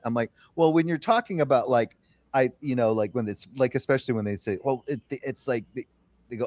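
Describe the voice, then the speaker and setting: A man's voice: medium pitch, fast talker, a little mellow, no room sound. A man on a discussion panel, telling rambling, profane anecdotes in a casual way. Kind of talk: casual debate chat. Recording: dull dry audio.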